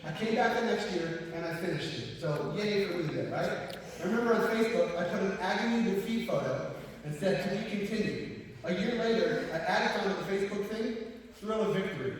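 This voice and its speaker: A man with a fairly high voice tells stories on stage and laughs often as he speaks. His voice carries a long reverb, as if recorded from far off in a large hall. A faint hiss sits underneath. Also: fairly quick. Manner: storytelling, animated, laughs often. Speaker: motivational speaker. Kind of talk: live motivational talk.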